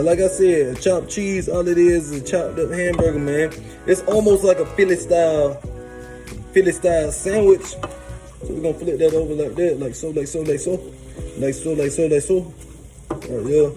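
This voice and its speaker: A man's voice: on the high side, rough recording. A man hosting a casual cooking demo, hyped and slangy, talking straight to his viewers from a kitchen. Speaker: cooking show host. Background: music playing.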